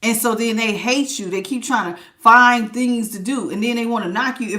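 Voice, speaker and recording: A woman with gives a loose, joking tarot reading, full of slang and quick laughs. Her voice sits a little high and comes across bright and forceful. The room around her adds a clear echo. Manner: animated, laughing, slangy and blunt. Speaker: tarot reader. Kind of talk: casual spiritual reading.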